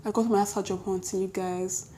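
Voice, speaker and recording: A young woman with a Nigerian accent, telling a story in a lively, chatty way to her vlog audience. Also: medium pitch. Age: young adult. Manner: lively, chatty, quick self-corrections, Nigerian slang interjections. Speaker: vlogger. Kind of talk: casual storytelling to camera.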